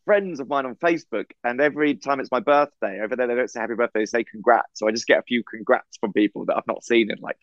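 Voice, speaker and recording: A man from England, co-hosting a podcast, telling a story in a casual, animated way over a video call. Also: mid-range voice, fast, few pauses, dry recording, lo-fi sound. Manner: animated storyteller, acts out quoted voices. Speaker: podcast co-host.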